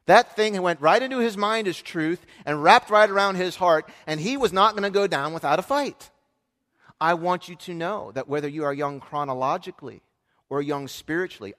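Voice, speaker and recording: A man in his thirties gives a sermon from the pulpit, his voice sitting a bit high. He speaks in an earnest, chatty way, full of fillers and restarts. His words trail into the long echo of a big church hall. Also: fairly bright tone. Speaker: pastor. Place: church sanctuary.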